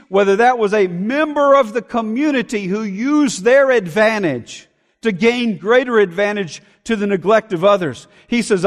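A pastor preaching a sermon with an emphatic, repetitive cadence, reading scripture aloud and expounding on it. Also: male voice, sits high. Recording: long hall reverb.

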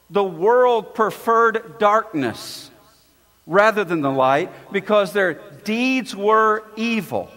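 A man preaching a sermon, stressing and repeating key words with dramatic pauses. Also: high voice, fairly bright tone, long reverb tail.

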